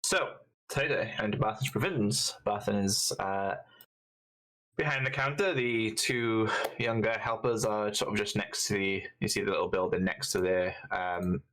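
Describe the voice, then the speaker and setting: A man narrating as game master in a tabletop game, halting and full of fillers. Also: on the low side, fairly bright tone, low-quality recording. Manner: halting, many fillers, laughs often.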